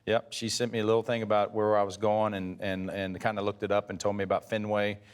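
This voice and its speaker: Guy in his 60s, lowish voice, tells long rambly stories and trips over his words a lot. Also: flat delivery, quick pace, smooth. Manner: rambling, self-correcting storyteller. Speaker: guest, former pitcher. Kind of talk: casual interview storytelling.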